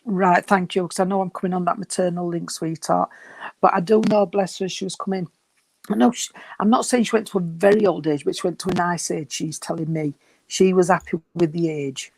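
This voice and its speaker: A man giving a reading at a service, gentle and reassuring, and short of breath. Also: sits high, fairly even intonation, fairly quick, creaky, no room sound. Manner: gentle, reassuring, calls people sweetheart. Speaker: spiritualist medium.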